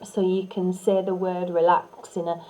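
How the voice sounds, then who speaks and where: A woman teaching hypnotherapy technique in a calm, soothing way, sometimes dropping to soft whispers to demonstrate. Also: fairly low pitch, normal speed, rough recording. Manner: frequent fillers and restarts. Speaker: hypnotherapy trainer. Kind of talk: instructional teaching talk.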